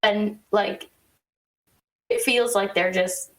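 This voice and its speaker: A woman co-hosting a podcast, telling a story in a casual, animated way with quick asides and exasperated laughs. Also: mid-range voice, poor audio. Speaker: podcast co-host.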